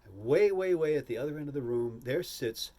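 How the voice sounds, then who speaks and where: An older man telling a humorous personal story in a rambling, animated way, full of asides and restarts. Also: mid-range voice, a little fast.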